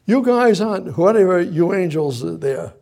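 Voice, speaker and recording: A man's voice: sits high, lively intonation, moderate pace, darkish tone. A man acting out a grieving, desperate woman who scolds the angels for not helping her. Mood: exasperated pleading. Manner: pleading, exasperated, emphatic.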